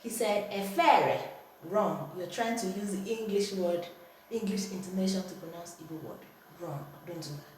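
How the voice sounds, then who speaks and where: A woman's voice: fairly low pitch, normal speed, a little mellow. A woman with a Nigerian accent teaching a language lesson at home, firmly correcting and repeating words with exaggerated tones. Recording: echoey room, distant mic, faint noise.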